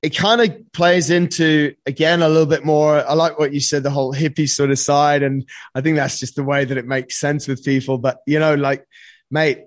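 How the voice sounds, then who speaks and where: A man's voice: on the high side, fairly even intonation, normal speed, no echo. Earnest man, dry close sound. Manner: earnest, says "mate" often, swears. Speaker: podcast guest. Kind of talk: casual storytelling conversation.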